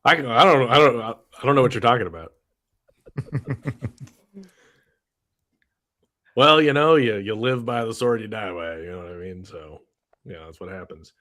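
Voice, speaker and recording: A man's voice: medium pitch, measured pace, long pauses, pushed and bright. A man playing in a tabletop game, joking and stammering as he talks. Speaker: player. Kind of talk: casual tabletop play.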